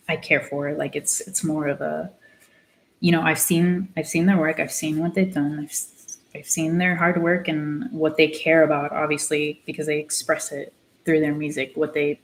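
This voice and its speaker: A woman's voice: sits low, flat delivery, measured pace, a little hiss or hum, poor audio. A young woman artist chatting while she paints, ranting bluntly with lots of swearing and the odd Spanish phrase. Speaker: artist vlogger. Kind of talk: casual chat while painting.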